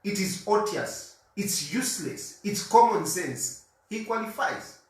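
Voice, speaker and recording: Speaking unhurriedly in a high, expressive voice, a Zambian man who comments on politics hammers home his argument by repeating it over and over. He's recorded from afar and off-mic, and the room echoes.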